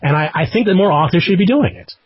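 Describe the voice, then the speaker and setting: A man with a husky voice hosts a casual interview, easygoing and encouraging. The sound is dry and close, with a dull, muffled tone. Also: high voice, lively intonation, fast, no room sound. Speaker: podcast host and audiobook narrator. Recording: dry, dull podcast audio.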